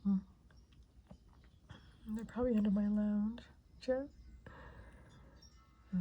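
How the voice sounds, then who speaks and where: A woman speaks in a very husky, breathy half-whisper while filming outdoors in her backyard. She talks slowly and softly, cooing as she watches, with an occasional cough. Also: medium pitch, fairly even intonation, highs cut off. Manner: hushed, cooing softly at kittens. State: coughing and sneezing. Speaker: vlogger. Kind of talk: casual vlog commentary.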